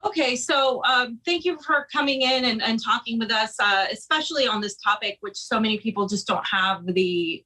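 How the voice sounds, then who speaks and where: Bright-voiced woman co-hosting a talk show. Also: a little high, poor audio. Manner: conversational, halting with fillers. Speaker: podcast co-host. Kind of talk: casual political talk.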